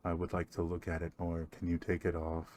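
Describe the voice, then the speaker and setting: A creepy, sneaky dwarf, as a man puts him on in a tabletop game, muttering his curious questions low and hushed. The voice sits deep and soft and leans in too close. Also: monotone, a little fast, heavy background noise, natural voice. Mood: prying. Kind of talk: tabletop role-play.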